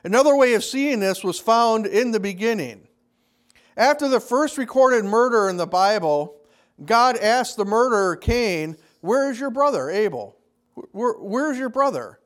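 A man preaches a Sunday sermon. He talks in a loose, conversational way and slips into quick acted-out voices for the people in his stories. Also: high-pitched. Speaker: pastor.

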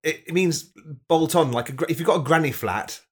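A man co-hosting a comedy podcast, joking with playful wordplay and quick asides. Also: fairly high pitch. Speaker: podcast co-host.

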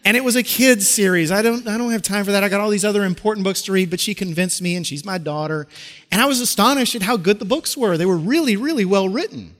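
A middle-aged male pastor preaches in a lively, conversational way. He asks the congregation questions and often restarts his sentences. His voice sits a little high for a man, and the long reverb of a large hall trails after each phrase. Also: fast talker. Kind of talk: sermon.

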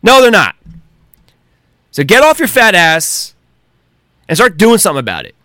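A man hosting a podcast, delivering an angry, profanity-laden solo rant with heated shouting outbursts. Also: high-pitched, wildly swooping pitch, normal speed, no echo, clean studio sound. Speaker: podcast host.

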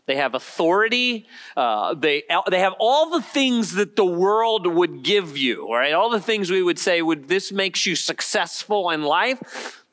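A man preaching a lively sermon as pastor, asking the congregation questions and building to emphatic peaks. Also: sits high. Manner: animated preaching, rising to emphatic peaks, asks the crowd questions.

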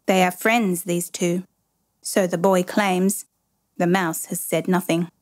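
A woman reading a firm, dry-witted French father in a storybook, measured and a little ironic. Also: lowish voice, flat delivery, no echo. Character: stern, dry French father, middle-aged man.

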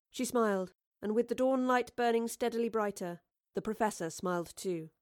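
A woman narrating a novel as an audiobook, reading in a steady, measured way. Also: on the high side, dry recording, studio quality. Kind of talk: scripted narration.

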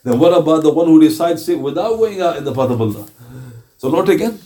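A man teaching a Quran class, telling stories in a lively way and making asides to his students. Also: on the high side, fast talker, a little hiss or hum. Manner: animated storytelling, with asides to the class. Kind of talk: religious class lecture.

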